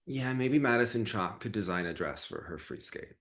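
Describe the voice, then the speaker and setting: A man hosting a casual skating chat, teasing and lively, with quick asides. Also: fairly low pitch. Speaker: host.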